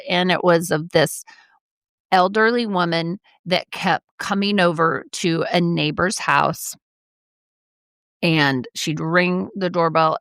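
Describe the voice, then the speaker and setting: Middle-aged woman podcast co-host, gravelly, dry close sound, lively storyteller. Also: fairly low pitch, no room sound. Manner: animated storyteller, quotes people in lively voices. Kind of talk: casual podcast chat, storytelling.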